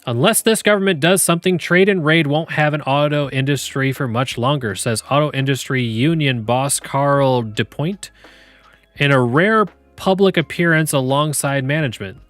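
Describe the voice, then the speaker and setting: A man's voice: fairly high pitch, moderate pace, fairly bright tone, no room sound, soft background music. A man hosting a podcast, joking and laughing often as he reads game prompts aloud to his chat. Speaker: podcast host.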